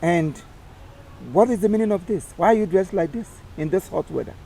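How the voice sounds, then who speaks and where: A man's voice: high voice, a little fast, vocal fry, warm tone, slight background noise. A man with a Nigerian accent playing a pompous, bossy self-styled British captain who scolds and barks commands in a comedy skit. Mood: scolding. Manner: barking commands, scolding, stammering.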